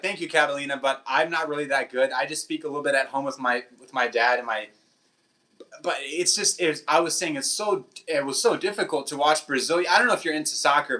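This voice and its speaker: A man with a bright, forceful voice pitched a little above the usual chats with his viewers on a livestream. He laughs often and slips into now and then. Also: fast. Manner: chatty, laughs often, switches between English and Portuguese. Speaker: livestream host. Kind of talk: casual chat with live chat.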